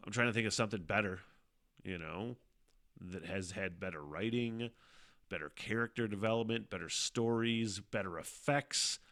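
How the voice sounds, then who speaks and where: A middle-aged man hosting a casual solo podcast, rambling and swearing often, animated, with frequent laughs. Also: fairly low pitch, moderate pace. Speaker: podcast host.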